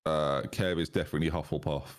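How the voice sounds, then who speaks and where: Deep-voiced man teasing his friends. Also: steady tone, fast talker. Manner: teasing, jokey. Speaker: streamer host. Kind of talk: casual chat over a game stream.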